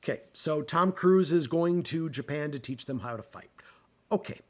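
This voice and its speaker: A young man with a notably high voice talks through history questions on a live stream. He is animated and opinionated, and he often trips over his words and repeats them as he makes his points. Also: normal speed. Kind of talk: casual live Q&A chat.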